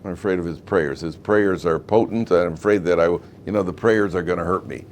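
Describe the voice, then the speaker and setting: A man's voice: low voice, fairly quick, slight background noise, natural voice. A man voicing a hungry but wary lion in a spoken fable, hesitant and worried.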